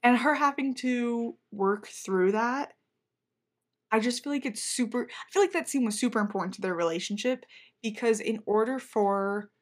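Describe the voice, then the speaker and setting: A woman's voice: a little high, normal speed. A woman co-hosting a book podcast, talking casually with many fillers and trailing-off sentences. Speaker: podcast co-host.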